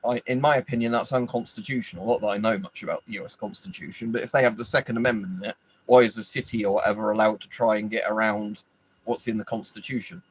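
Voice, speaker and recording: A man's voice: on the low side, steady tone, fast talker, slight background noise, rough recording. An Englishman hosting a casual livestream, rambling, swearing freely and answering viewers by name. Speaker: livestream host. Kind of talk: casual live chat.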